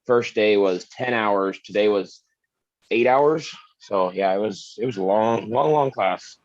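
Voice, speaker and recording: A man's voice: lowish voice, unhurried, dry recording. A tired man talking about the class he taught, repeating himself emphatically and swearing. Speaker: guest grower who teaches classes. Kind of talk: casual chat on a video call. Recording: dull dry call audio.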